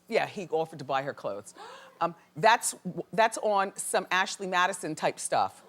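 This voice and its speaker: A woman talk show host giving an animated, opinionated gossip monologue to a studio audience. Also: on the low side, unhurried.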